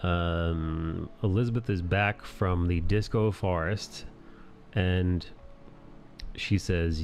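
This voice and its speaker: A man's voice: low-pitched, slow pace, a little hiss or hum. A man in his thirties hosting a casual live stream while he draws, rambling and joking crudely with the chat. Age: 30s. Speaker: live-stream host and artist.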